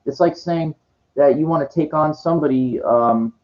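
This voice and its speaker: A man's voice: a little high, moderate pace, a little mellow. A man ranting at a viewer in a condescending, lecturing way, stumbling and restarting his sentences. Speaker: vlogger answering viewer comments. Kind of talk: ranting monologue to camera. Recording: dull lo-fi sound.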